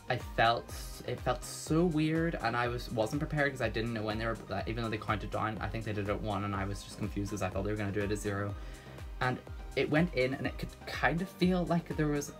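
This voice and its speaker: A man telling a story in a casual vlog, rambling and nervous, with lots of restarts and fillers. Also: on the low side. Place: at home.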